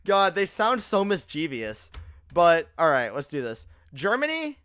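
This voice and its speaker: A man streaming live, giving casual, animated reaction commentary full of loose filler words. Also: fairly high pitch, measured pace, clean tone, no room sound.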